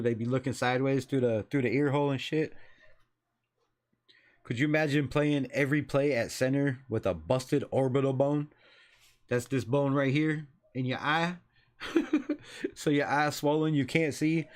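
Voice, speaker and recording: A man's voice: mid-range voice, darkish tone. A man in his forties from Los Angeles, hosting a casual football channel in a loose, chatty way, swearing freely and laughing at himself. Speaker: sports channel host. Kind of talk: casual sports commentary.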